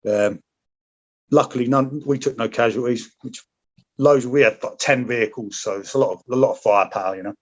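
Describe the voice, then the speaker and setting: A man's voice: medium pitch, brisk, highs cut off. A British man, a former paratrooper and podcast guest, telling combat stories in casual conversation, swearing freely with many restarts and asides. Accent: British English. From Britain. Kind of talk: casual storytelling.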